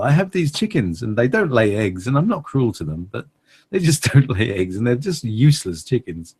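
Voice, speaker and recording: Rambling man, husky voice. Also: mid-range voice, sing-song, normal speed, a little mellow. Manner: rambling, hesitant, laughs often. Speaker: cohost. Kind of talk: casual chat.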